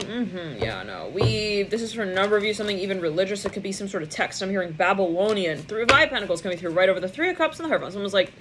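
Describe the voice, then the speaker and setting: A woman talks her way through a tarot spread in a casual, rambling voice at an ordinary pitch. She thinks aloud and slips into short playful imitations of the people she imagines. A faint background hiss runs under the voice. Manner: rambling, musing aloud with bursts of playful mimicry. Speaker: tarot reader. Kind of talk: casual intuitive tarot reading.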